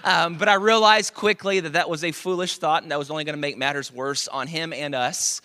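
Man preaching, high bright voice, joking conversational sermon. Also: brisk. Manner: conversational and joking, with rhetorical questions to the congregation. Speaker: pastor.

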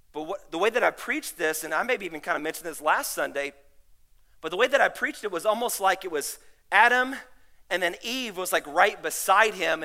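High-voiced, bright preaching man. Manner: preaching with sudden shouted peaks and slow drawn-out emphasis. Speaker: pastor. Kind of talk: sermon.

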